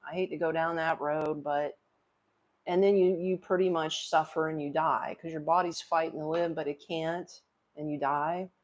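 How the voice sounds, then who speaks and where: A woman's voice: deep voice, steady tone, normal speed. Middle-aged woman, livestream host, candid rambling storyteller who talks straight to her viewers. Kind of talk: casual storytelling to live chat.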